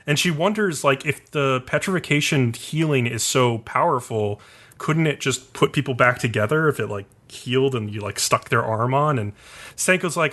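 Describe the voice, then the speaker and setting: A man's voice: medium pitch, lively intonation, normal speed, fairly bright tone. A man co-hosting a podcast, casually recapping an anime episode and leaning on lots of filler words. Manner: rambling, heavy on "like" fillers. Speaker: podcast co-host.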